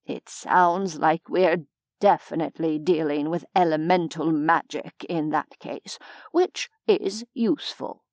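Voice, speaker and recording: Woman reading as a genteel, measured old gentleman. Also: sits low, no room sound, studio quality. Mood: courteous. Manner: measured, formal, gently lecturing. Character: genteel, courteous older gentleman scholar. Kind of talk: audiobook character voice.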